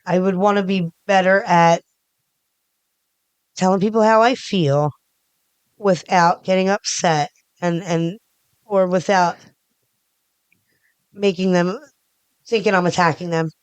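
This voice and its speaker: A middle-aged Philadelphia-area woman, a podcast guest, rambles through a casual interview, restarting often and talking with her hands. Her fairly low voice is clear and resonant with fairly even intonation. She speaks slowly, pauses often, and there's no room sound.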